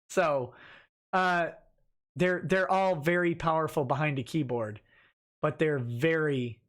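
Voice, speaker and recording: Reading his chat aloud, a livestream host responds to viewers in a relaxed way, with restarts and chuckles. He has a slightly high, somewhat bright voice.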